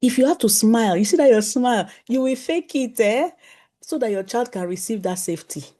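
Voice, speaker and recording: A woman gives a conference talk to parents as a parenting coach. She speaks in an animated way, chuckles often, and acts out exchanges with her family. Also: fairly high pitch, fairly quick.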